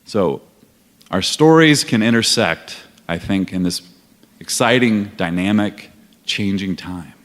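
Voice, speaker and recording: Man, 40s, low voice, earnest panel speaker, big reverberant hall. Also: expressive, slow pace, fairly bright tone. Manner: earnest, reflective, with restarts. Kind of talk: panel talk.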